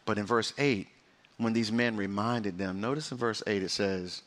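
Man preaching with sweeping pitch swings. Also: fairly even intonation, normal speed. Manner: impassioned preaching with sharp swings in pitch and pace. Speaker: pastor. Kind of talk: sermon.

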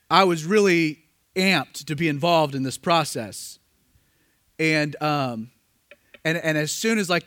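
A man's voice: fairly high pitch, no room sound, studio quality. A young man preaching a sermon, telling stories with acted-out voices and reading scripture aloud. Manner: animated storytelling with acted-out voices. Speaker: pastor.

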